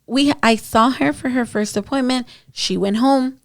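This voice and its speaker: Chatty woman with vocal fry. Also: sits high, measured pace, no echo, clean studio sound. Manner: chatty, many fillers, addresses listeners as guys. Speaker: esthetician podcast host. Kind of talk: casual storytelling monologue. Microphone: podcast mic.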